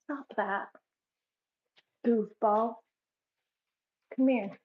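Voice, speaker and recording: A woman with a slightly high voice talks slowly in a casual home vlog, firmly ordering her dogs around. The sound is dull and lo-fi, picked up by a camera in the room. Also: darkish tone, husky. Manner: firm, repeated commands to her dogs. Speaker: vlogger. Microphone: camera set up in the room.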